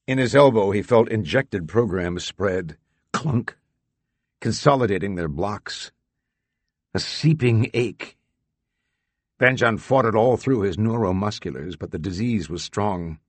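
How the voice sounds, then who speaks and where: A man reading fiction aloud as an audiobook narrator, with expressive, dramatic delivery. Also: fairly low pitch, a little slow, dry recording. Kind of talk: scripted narration.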